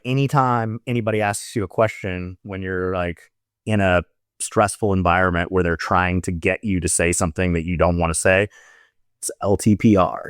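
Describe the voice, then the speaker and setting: A middle-aged man, a former soldier, talking in a relaxed, reflective way as a podcast guest, with many loose asides. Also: sits low, no echo, clean studio sound. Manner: reflective, talks in loose run-on thoughts with many "like"s. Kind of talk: casual conversational interview.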